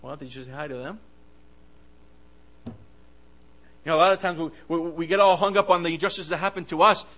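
A man preaching a sermon with passion, swinging between loud bursts and soft asides, often stammering and restarting his words. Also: a little high, brisk, long pauses, rough recording.

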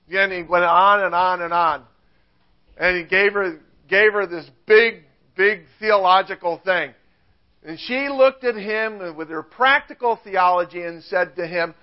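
An older male preacher giving a sermon, lively and chuckling at his own stories. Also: high voice, unhurried, dull audio. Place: church.

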